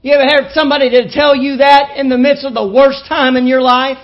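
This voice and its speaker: A high-pitched woman delivers a fervent sermon with a repetitive, rhythmic cadence. She sinks into quiet, low asides, then climbs back to shouted peaks that carry across the church. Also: little pitch movement, brisk, muffled recording. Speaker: preacher. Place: church with live congregation.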